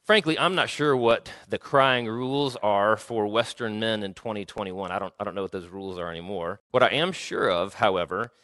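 A man's voice: on the low side, fairly bright tone, no echo. A man giving a sermon as pastor, talking casually and reading scripture aloud with emphasis.

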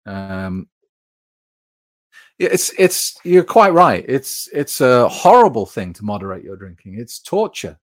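This British live-stream host talks a little slowly in a medium-pitched voice with big pitch swings. He's frank and conversational, reading out viewer comments and using plenty of fillers.

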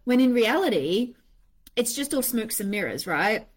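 A woman's voice: fairly high pitch, very animated, moderate pace. A woman hosting a podcast in a candid, casual monologue, swearing freely and acting out her own inner voices. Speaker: podcast host.

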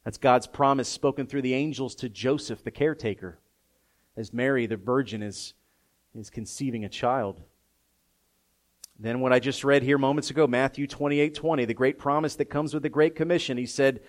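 A man preaching a sermon to a live congregation. His delivery is openly emotional and personal, and it climbs from soft, intimate tones to loud, impassioned emphasis. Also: medium pitch, normal speed. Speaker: pastor.

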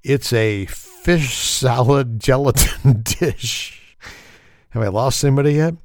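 A man's voice: medium pitch, slow, a little hiss or hum. Wry, chuckling man host. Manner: wry, sarcastic, laughs often. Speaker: podcast host. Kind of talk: casual comedic chat.

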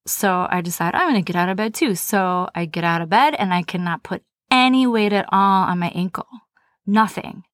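A woman's voice: mid-range voice, normal speed, no room sound, clean studio sound. A woman hosting a podcast, telling a personal story in a candid, conversational, self-deprecating way. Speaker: podcast host.

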